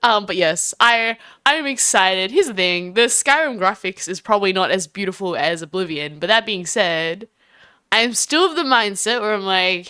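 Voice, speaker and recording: Young Australian woman, streamer, bubbly, rambling, lively pitch, crisp voice. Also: normal speed. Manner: chatty, bubbly, giggly, rambling. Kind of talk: casual live-stream chat.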